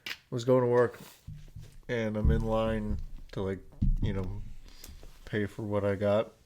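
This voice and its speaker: A man co-hosting a podcast in casual chat, laid-back and deadpan. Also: on the low side, a little slow, background noise. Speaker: podcast co-host.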